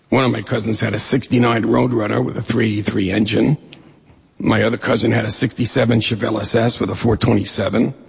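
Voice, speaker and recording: A middle-aged man from New York State telling a humorous personal story to an audience in an animated way. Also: medium pitch, vocal fry, husky, in a large hall.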